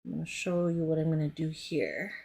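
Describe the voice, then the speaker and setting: A woman's voice: sits low, fairly quick, gravelly, a little mellow, slightly rough. A woman giving a casual, chatty nail tutorial, describing what her hands are doing and often stopping to correct herself. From United States. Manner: chatty, narrates her hands as she works; often trails off and self-corrects. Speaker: nail product stylist.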